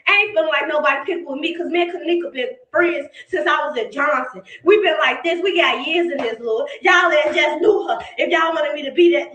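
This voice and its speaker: A woman's voice: sits high, sharp tone. A woman ranting angrily and defensively on a live stream, swearing often, repeating herself and raising her voice. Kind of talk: angry live-stream rant. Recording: echoey, noisy, played back with clicks.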